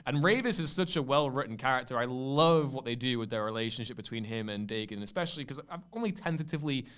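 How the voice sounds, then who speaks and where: A young man on a casual podcast, talking in a smooth, clear voice. He tells his stories with energy and acts out the scenes as he goes. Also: medium pitch, quick pace. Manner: animated storyteller who acts out scenes. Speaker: podcast co-host. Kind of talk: casual chat.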